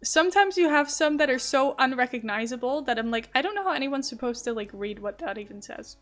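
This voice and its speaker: A woman's voice: high-pitched, animated, a little fast, soft background music. A young American woman streamer in casual chat, telling stories, laughing and quoting people as she goes.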